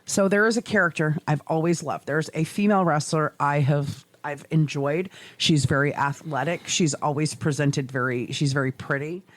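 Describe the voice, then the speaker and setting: Middle-aged woman, podcast co-host; low-pitched, profane, animated storyteller; dry close mic. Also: normal speed, hardly any pauses, dry recording. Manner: animated, swearing, laughing storyteller. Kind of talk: casual chat.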